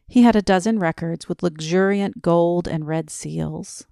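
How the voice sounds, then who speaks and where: Soft, gravelly woman reading a sleep story. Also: lowish voice, no echo, studio quality. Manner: slow, soft and quiet. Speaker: bedtime story reader. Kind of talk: slow quiet sleep story narration.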